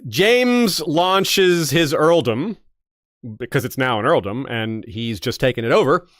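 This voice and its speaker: A man's voice: medium pitch, measured pace, dry recording, studio quality. A man hosting a history podcast, telling the story in a casual, joking way with frequent restarts. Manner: joking, animated, restarts often.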